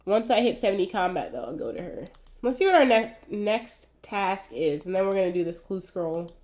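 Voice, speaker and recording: A woman's voice: medium pitch, animated, moderate pace, darkish tone. A young adult woman giving casual, wry commentary as she plays a video game, thinking aloud as she goes. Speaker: gaming video host.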